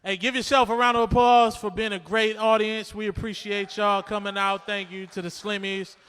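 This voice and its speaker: A man with a bright, high voice hosts a comedy show and loudly pumps up the crowd. His voice is smooth and clear, with a long hall reverb behind it. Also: level tone, normal speed. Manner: loud, hypes the crowd. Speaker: host. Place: comedy club stage.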